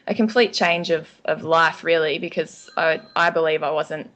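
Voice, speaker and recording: An Australian woman in a relaxed interview, chatting freely and filling pauses with ums. Her voice sits a little low for a woman. She restarts sentences often as she tells her story. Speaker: guest. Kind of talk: casual interview chat.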